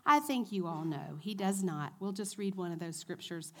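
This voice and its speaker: A woman in her forties giving a church teaching talk to a women's group, chatty and animated, asking her audience questions. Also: fairly low pitch, normal speed. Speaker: women's ministry speaker.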